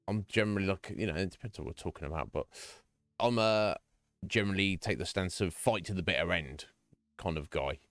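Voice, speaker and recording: A man with a low, deep voice talks earnestly to his stream chat, rambling and restarting his sentences as he goes. The sound is dry and close, with no room echo. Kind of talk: casual chat.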